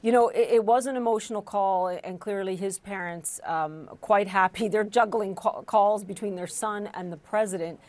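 A woman news anchor bringing in a correspondent during a live broadcast, with a brisk studio delivery. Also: mid-range voice, a little mellow.

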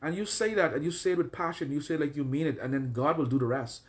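A man with a somewhat high-pitched voice preaches a deliverance sermon. He runs through long lists in repeated phrases and breaks into forceful commanding prayers. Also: quick pace. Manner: repetitive, declaring and commanding prayers. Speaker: prophet.

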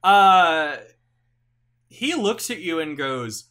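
Guy gm for a tabletop game, talks slow, bright voice, lots of uhs and restarts. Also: mid-range voice. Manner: halting, many fillers and restarts, laughs often. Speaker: game master.

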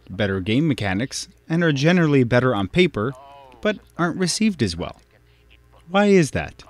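A man narrating a scripted video essay in a measured, explanatory way, speaking directly to the viewer. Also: medium pitch.

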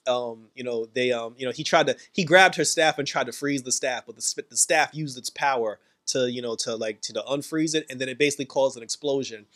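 A man casually recapping a TV episode in a rambling, animated way, breaking into laughs as he retells scenes. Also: mid-range voice, fairly quick, few pauses. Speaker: show reviewer.

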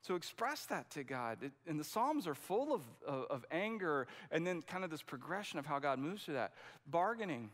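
A man's voice: fairly high pitch, very animated, moderate pace, few pauses, fairly bright tone. A man preaching a sermon in a conversational, emphatic way, often restarting his sentences. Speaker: pastor.

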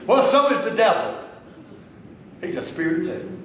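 A man preaching a conversational sermon, swinging from low asides to loud emphatic peaks and chuckling at his own points. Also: expressive, measured pace. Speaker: pastor. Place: church sanctuary. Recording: echoey church sanctuary with faint hum.

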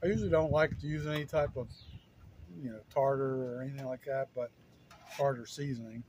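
A man's voice: medium pitch, a little mellow, dull audio. Middle-aged guy chewing and talking about his food, stutters a lot, faint outdoor noise behind. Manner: halting, stuttering, self-deprecating. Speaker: cooking vlogger. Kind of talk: casual cooking vlog.

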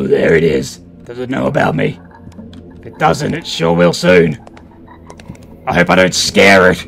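A man's voice: medium pitch, vocal fry, slight background noise. A man doing profane, joking let's play commentary while playing a horror game. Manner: crude, loud, profane joking. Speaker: gaming channel host.

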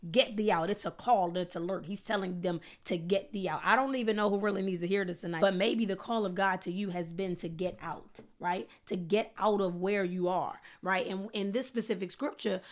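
A woman's voice: medium pitch, normal speed, hardly any pauses. Woman preaching with fervent repetition. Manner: fervent, emphatic repetition, rising intensity. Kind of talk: sermon.

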